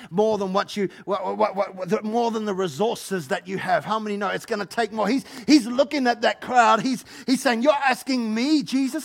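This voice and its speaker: A man preaching a sermon as pastor, animated, acting out Bible figures and joking with the congregation. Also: sits high, gravelly. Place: church hall.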